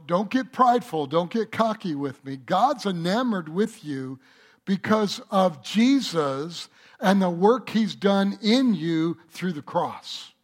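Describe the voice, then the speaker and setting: Slow-talking, high-voiced male pastor preaching. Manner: conversational preaching with joke-telling. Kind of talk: sermon.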